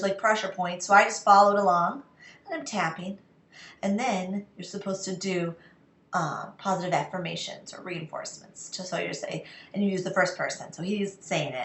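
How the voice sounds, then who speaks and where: A woman's voice: medium pitch, a bit bright, far from the mic. A woman casually telling a self-mocking story in her kitchen, laughing at herself now and then. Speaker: vlogger. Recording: echoey room, voice somewhat off-mic.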